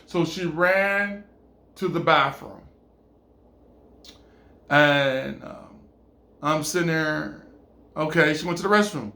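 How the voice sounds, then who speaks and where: A man casually telling a story, animated and stammering over repeated words. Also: a little high, takes it slowly, gravelly, long pauses. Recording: roomy echo.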